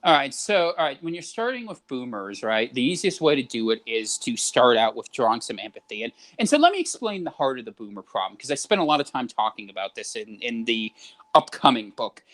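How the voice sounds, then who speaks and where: A man talking as a podcast guest, at an ordinary pitch with a lot of swing in it. He lays out his reasoning point by point and sounds set on persuading. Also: sing-song, fairly quick, fairly bright tone. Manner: explanatory, persuasive, building a point step by step. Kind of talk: podcast conversation.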